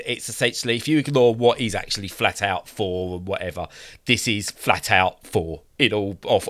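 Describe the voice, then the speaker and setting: A man's voice: fairly low pitch, a bit bright. A man co-hosting a casual podcast chat, rambling enthusiastically with lots of fillers and restarts. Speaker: podcast co-host.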